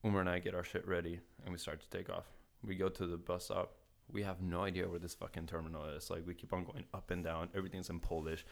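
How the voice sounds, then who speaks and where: A young man from California telling a travel story in casual podcast chat, animated, swearing a lot and acting out the voices of the people in his story. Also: sits low, quick pace, creaky.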